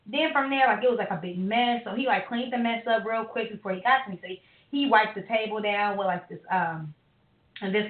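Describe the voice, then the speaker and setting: A woman co-hosting a podcast, telling a long story in a profane, rambling, animated way with lots of fillers. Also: medium pitch. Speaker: podcast co-host. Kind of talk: casual ranting storytelling. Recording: echoey tinny phone-line audio.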